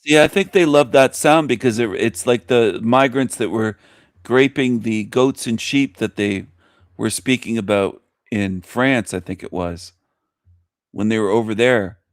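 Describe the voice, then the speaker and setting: A man's voice: medium pitch, a little slow, no echo, studio quality. A man hosting a talk show, ranting bluntly and scornfully with lots of profanity and repetition. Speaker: show host. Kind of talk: ranting commentary over clips.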